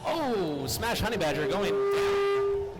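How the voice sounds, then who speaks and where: A man's voice: very high voice, wildly swooping pitch, slow pace, over loud music, poor audio. Joking male roller derby announcer. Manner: jokey, upbeat banter. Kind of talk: live sports commentary.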